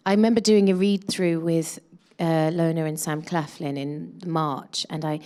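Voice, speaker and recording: Chatty woman with a low voice. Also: steady tone, measured pace, darkish tone, smooth. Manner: chatty, many restarts and fillers. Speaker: actress interviewed about her film. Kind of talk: casual press interview.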